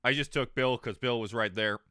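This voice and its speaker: A man casually chatting on a livestream, animated and laughing, with plenty of swearing. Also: medium pitch, brisk, clear, resonant tone, dry recording, clean studio sound. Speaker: streamer.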